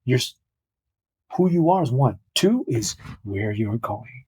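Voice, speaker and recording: A man's voice: medium pitch, sing-song, takes it slowly, a little mellow, slightly rough. A young man hosting a podcast, rambling in a casual, jokey way that keeps interrupting itself. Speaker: podcast host.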